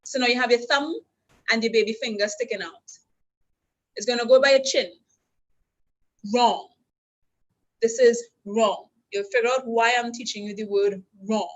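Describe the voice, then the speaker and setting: A woman's voice: a little high, fairly even intonation, normal speed, long pauses, highs cut off. A woman with a Trinidadian accent teaching basic sign language step by step at a university orientation, patient and instructional. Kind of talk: teaching a class.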